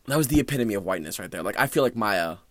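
A man's voice: lowish voice, rapid-fire, dry recording. A teenage boy hosting his own podcast from a small closet, rambling casually with lots of fillers. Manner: rambling, filler-heavy, animated. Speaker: podcast host. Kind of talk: casual solo podcast chat.

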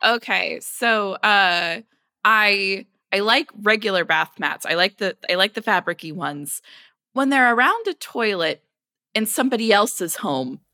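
Lively, bright-voiced woman guest chatting. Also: mid-range voice, a little slow, dry recording, studio quality. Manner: chatty, self-deprecating, stumbles over words. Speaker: podcast guest. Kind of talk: casual chat.

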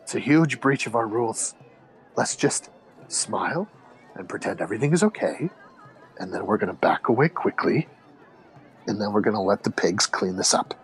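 A man voicing a panicky, apologetic male arena announcer who rushes his words. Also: fairly low pitch, expressive, soft background music, a faint crowd, pitched below the performer's own voice, close to an everyday voice. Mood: hushed. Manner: panicky, apologetic, breathless rush.

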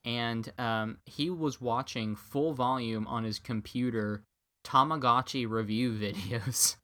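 This young co-host speaks slowly in a medium-pitched voice whose tone is bright and forceful. On his podcast he relates a casual story with wry humor, imitating what people said.

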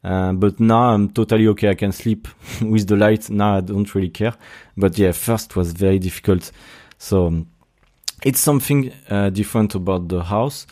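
A young man with a French accent, speaking English as a second language in a casual monologue, halting and searching for words, often restarting and laughing at himself. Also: fairly low pitch, a little mellow. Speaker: podcast host.

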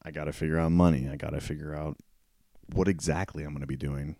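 A man with a very low, warm voice hosts a solo podcast, talking frankly and poking fun at himself. His voice is a little worn, and he keeps clearing his throat. The close mic sounds dry, with no room around it. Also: steady tone, fast talker, no room sound. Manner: candid and self-deprecating, with frequent laughs. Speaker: podcast host. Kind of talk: casual solo podcast talk.

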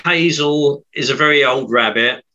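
A man chatting about a film, sentimental, calling himself a big softie. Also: medium pitch, measured pace, lo-fi sound. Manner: sentimental, self-described softie. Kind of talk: casual film discussion.

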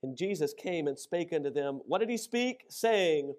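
Middle-aged male pastor, fairly high voice, lively storytelling sermon. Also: normal speed, hardly any pauses. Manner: animated storytelling, acts out shouted quotes. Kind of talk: sermon with personal stories.

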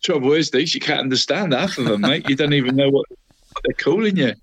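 A man's voice: medium pitch, expressive, a little fast, a bit bright, breathy edge. A middle-aged man, co-hosting a football podcast in easy casual chat, laughing often and calling his friend "mate". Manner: chatty, says "mate" constantly, laughs often. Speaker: podcast co-host.

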